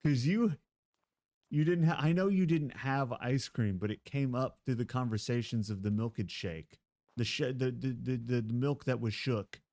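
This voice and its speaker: A man's voice: mid-range voice, moderate pace, a little mellow. A man live streaming, chatting casually with his viewers in a playful, giggly way and laughing often.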